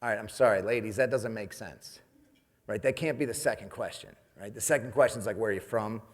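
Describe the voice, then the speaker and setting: A man's voice: on the low side, fairly quick. Joking male motivational speaker, big reverb. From New York. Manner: jokey, conversational, keeps asking "right?". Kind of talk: comedic keynote speech. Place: event stage in a large hall. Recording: long reverb of a large hall.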